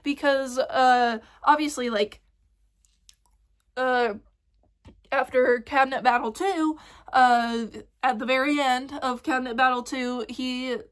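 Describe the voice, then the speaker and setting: A young woman ranting excitedly in a casual fan vlog, rambling with lots of fillers and swearing. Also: high voice, slow. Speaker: vlogger.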